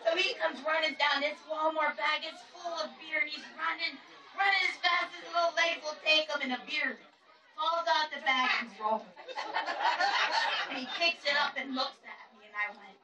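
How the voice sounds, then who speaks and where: A woman's voice: sits high, normal speed, distant mic. Stand-up woman storyteller, acts out family members, crowd laughing, room echo. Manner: shifts voice to act out her nephews and friend. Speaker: stand-up comedian. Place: comedy club stage. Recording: echoey club heard from afar, crowd. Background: audience laughter.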